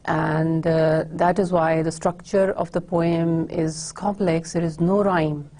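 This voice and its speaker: A woman lecturing on a poem in a steady, unhurried way, stopping often to rephrase. Her voice sits low and sounds husky and mellow, with a gravelly edge. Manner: measured, with frequent hesitations and restarts. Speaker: teacher.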